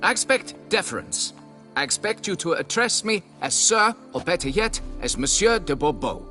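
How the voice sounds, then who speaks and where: An actor voicing a pompous, condescending aristocrat who owns a vineyard, in a video game, with faint music behind. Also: male voice, sits high, big pitch swings, moderate pace, pushed and bright, heavily acted. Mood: haughty. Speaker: nobleman quest giver.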